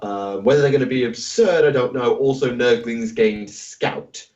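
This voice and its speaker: A man's voice: mid-range voice, moderate pace, darkish tone, distant mic, lo-fi sound. A man co-hosting a casual gaming podcast, reading listener questions and rambling through answers with plenty of hesitations. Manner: rambling and hesitant, with many fillers.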